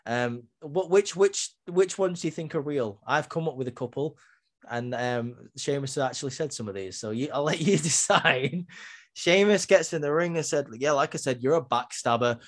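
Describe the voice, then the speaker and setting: A man giving a casual, chatty review of a wrestling show, full of filler ums and quick asides. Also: on the high side. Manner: chatty, many filler ums, acts out quotes. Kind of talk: casual recap and opinion.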